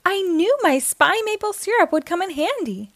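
A woman's voice: very high-pitched, expressive, normal speed, fairly bright tone, dry recording, voice pushed up, exaggerated voice. Tyrone, a woman voicing an eager cartoon boy agent. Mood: earnest. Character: eager young male cartoon secret agent. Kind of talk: children's read-aloud.

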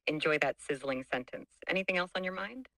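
A synthetic woman's voice of an AI chat assistant, smooth, upbeat and conversational. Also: low voice, animated, fast, sharp tone, dry recording, rough recording. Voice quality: smooth, upbeat text-to-speech voice.

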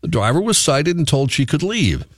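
A man's voice: fairly high pitch, wildly swooping pitch, normal speed, no echo, studio quality. A man hosting a radio show, reading news items with teasing, matter-of-fact asides.

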